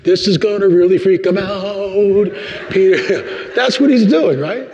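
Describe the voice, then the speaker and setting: Animated man preaching in a reverberant hall. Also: a little slow. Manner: animated, acts out quotes with big pitch jumps. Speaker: guest speaker. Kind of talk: humorous church talk. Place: large church hall. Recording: long hall reverb, dull sound.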